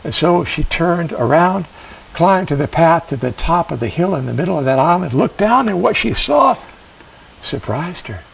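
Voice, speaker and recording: Raspy, expressive male storyteller. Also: fairly high pitch, distant mic, low-quality recording. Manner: measured, expressive, dramatic pauses. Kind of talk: traditional storytelling performance.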